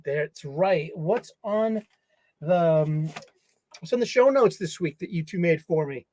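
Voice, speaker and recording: A man's voice: a little high, lively intonation, measured pace, a little mellow. A man hosting his own casual solo livestream from a home studio, playful and jokey, chatting to the stuffed animals around him. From United States. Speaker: livestream host.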